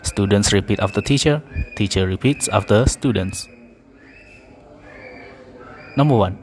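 Slow, careful man reading drill words. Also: fairly low pitch. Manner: careful, deliberate word-by-word reading. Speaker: pronunciation practice reader. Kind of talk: slow read-aloud pronunciation drill.

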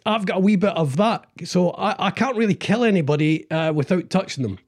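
A man telling rambling deadpan comic stories in a casual chat. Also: sits high, a little fast.

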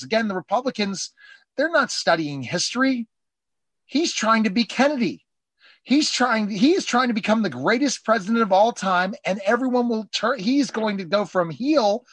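A man hosting a political talk show, arguing emphatically and acting out politicians in quick asides. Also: high-pitched, no room sound. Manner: emphatic, animated, mimics politicians in quoted asides. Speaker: show host and journalist.

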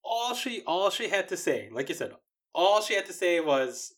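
A man co-hosting a casual podcast chat, animated and full of stumbling restarts. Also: sits high, normal speed. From United States. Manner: animated, stumbling restarts, mocking quoted voices. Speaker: podcast co-host.

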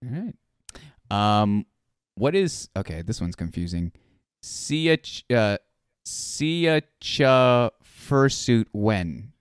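A man's voice: lowish voice, big pitch swings, very slow, clear, resonant tone, dry recording, studio quality. A man hosting a casual chat, joking and reading chat questions aloud to his guest. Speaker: podcast host interviewing a streamer.

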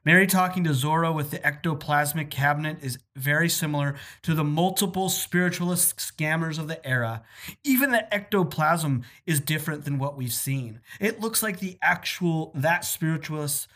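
A woman's voice: deep voice, moderate pace. A woman co-hosting a casual podcast, reading out listener emails with lots of fillers and laughter. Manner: giggly, animated, lots of fillers.

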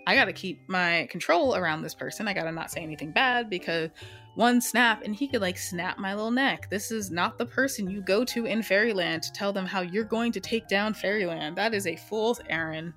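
A woman's voice: mid-range voice, fairly quick, bright, forceful tone, faint music behind. Chatty, profane woman narrating a solo game. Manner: profane, chatty, self-interrupting. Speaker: solo tabletop game player. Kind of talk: casual solo role-play narration.

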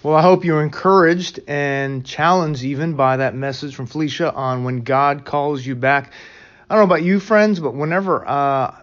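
A man's voice: on the high side, normal speed, a bit bright, lo-fi sound. A man hosting a devotional podcast, speaking earnestly and pastorally to listeners he calls friends, reflecting on a message and praying. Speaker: podcast host.

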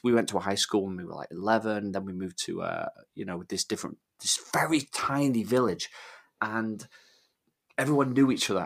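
A man's voice: fairly low pitch, fairly bright tone. A man from England, co-hosting a podcast and telling rambling, self-deprecating anecdotes in casual chat. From northern England. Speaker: podcast co-host.

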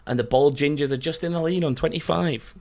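A man's voice: on the high side, a little fast, gravelly, a little mellow, a little hiss or hum. Laughing male quizmaster. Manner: laughs often, breaks up mid-question. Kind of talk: hosting a quiz podcast.

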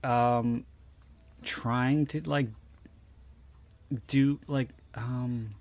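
A man's voice: mid-range voice, flat delivery, drawn-out words, a little mellow, no room sound. Rambling man telling anecdotes. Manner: rambling, many fillers and restarts. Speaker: guest recalling a film shoot. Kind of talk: casual interview storytelling.

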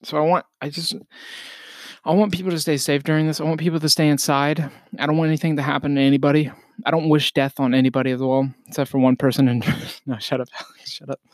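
A man's voice: on the high side, flat delivery, fast, dry recording, studio quality. Profane, rambling young-sounding man chatting. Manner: loose, profane, jokey, laughs at himself. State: burping between sentences. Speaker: podcast co-host. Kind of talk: casual rambling chat, reading posts aloud.

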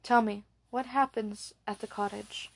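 A calm male hypnotist doctor in a storybook reading, voiced by a woman narrator, coaxing softly and patiently. His pitch barely moves, and the voice sits close and dry. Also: unhurried, gravelly, dry recording. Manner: soft, coaxing questions.

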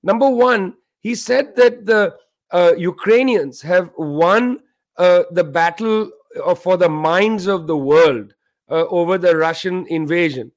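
Guy with a pretty high voice doing news commentary, slow and emphatic, lots of ums. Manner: measured, emphatic, with frequent fillers. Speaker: news show host.

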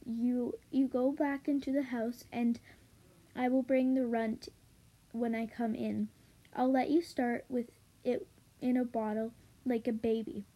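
A patient farmer father speaks gently and slowly, read aloud by a woman without changing her voice. The sound is breathy and mellow, with small stumbles. It is storybook reading. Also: on the high side, level tone. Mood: gentle. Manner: plain, halting read-aloud delivery.

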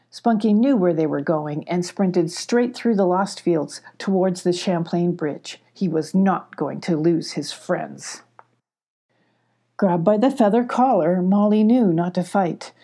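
A woman calmly reading a children's storybook aloud. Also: on the low side. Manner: slow, calm, even. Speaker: audiobook reader. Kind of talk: storybook narration.

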